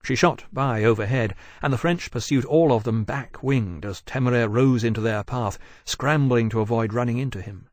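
A man narrating an audiobook in a measured, steady way. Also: mid-range voice, dry recording, clean studio sound.

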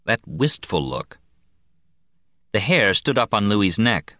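A man narrating an audiobook in a very deep voice that still rises and falls with plenty of life. He reads in a measured way, slowing down on key words, and the recording is close and dry. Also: big pitch swings, fairly bright tone, dry recording. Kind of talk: scripted narration.

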